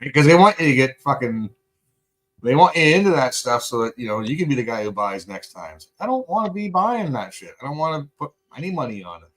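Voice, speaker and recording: Canadian dude on a podcast, swears a ton, voice bounces all over the place. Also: male voice, mid-range voice, big pitch swings, fairly quick, fairly bright tone, poor audio. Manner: swears a lot, loose and blunt. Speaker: podcast co-host. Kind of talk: casual chat.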